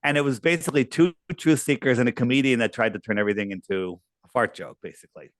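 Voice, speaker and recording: Man telling a rambling, animated story. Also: medium pitch, quick pace, no echo. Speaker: podcast guest. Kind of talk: casual interview chat.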